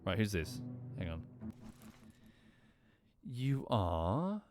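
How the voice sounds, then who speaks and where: A man's voice: lowish voice, sing-song, drawn-out words, over music. A man streaming a game, thinking aloud as he plays, apologizing and correcting himself along the way. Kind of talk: casual gameplay commentary.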